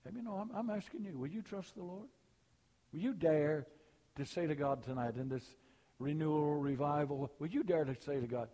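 An older man preaching a sermon, telling folksy personal stories and rising high and loud for punchlines. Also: normal speed, long reverb tail.

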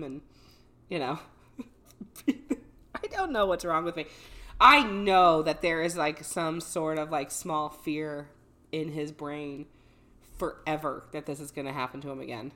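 A woman's voice: low voice, normal speed. A woman co-hosting a podcast in casual chat, telling stories with frequent laughter and casual swearing. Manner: laughs often, swears casually, animated storytelling. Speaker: podcast co-host. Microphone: studio microphone.

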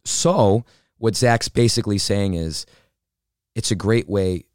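A man co-hosting a casual fitness chat, earnest and measured, summing up his partner's points with many fillers. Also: fairly low pitch, darkish tone, clean tone, dry recording, clean studio sound.

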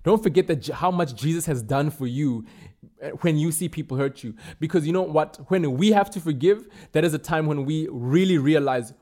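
A man delivers a sermon in a mellow, warm voice that sits a little high for a man. He preaches emphatically, repeating his key lines, with fillers and restarts along the way. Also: normal speed.

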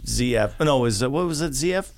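A man's voice: medium pitch, animated, fairly quick. A middle-aged man talking as a podcast guest in casual chat, often laughing and trailing off mid-thought.

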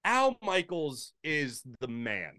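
A man's voice: takes it slowly, dry recording, studio quality. A middle-aged man from Philadelphia, a sports broadcaster, telling a story in casual chat and acting out the quotes of the people in it. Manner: animated storyteller, acts out quotes with big pitch jumps. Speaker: podcast guest, sports broadcaster.

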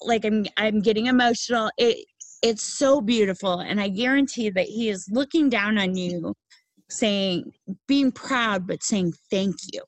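A woman's voice: medium pitch, measured pace, dry recording, low-quality recording. A middle-aged woman hosting a podcast, talking earnestly and emphatically in a casual conversation, laughing easily. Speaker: podcast host.

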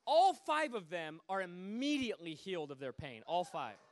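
A man preaching, telling stories with animated swings between hushed asides and loud bursts. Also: sits high, moderate pace. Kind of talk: sermon storytelling.

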